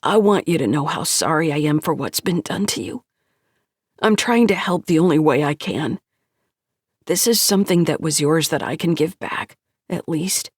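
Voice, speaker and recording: A woman voicing a remorseful male scientist who speaks in a trembling, halting way. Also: sits low, husky, no room sound, studio quality.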